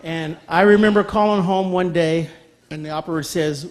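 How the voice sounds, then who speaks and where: A man's voice: a little high, fairly even intonation, fairly quick, darkish tone. A middle-aged man giving an earnest personal testimony as a guest speaker, often checking in with his audience by asking okay. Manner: earnest, repeats phrases, asks okay.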